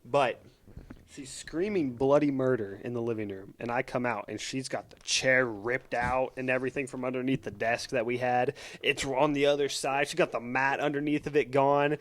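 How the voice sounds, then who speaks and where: A young man co-hosting a podcast, telling a comedic story in an animated, rambling way. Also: mid-range voice, normal speed. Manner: animated, rambling, lots of fillers. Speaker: podcast co-host.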